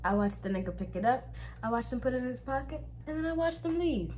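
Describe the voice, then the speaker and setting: A woman's voice: sits high, animated, fast talker, darkish tone. A young woman vlogger telling a storytime to her viewers in a blunt, profane, emphatic way, speaking right to them. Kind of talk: casual storytelling to camera.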